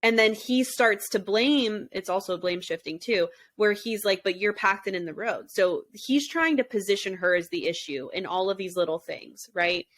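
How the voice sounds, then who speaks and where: A woman's voice: medium pitch, lively intonation, moderate pace, few pauses. A young adult woman co-hosting a podcast, talking casually and emphatically, swearing and acting out quotes. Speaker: podcast co-host. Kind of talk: casual chat.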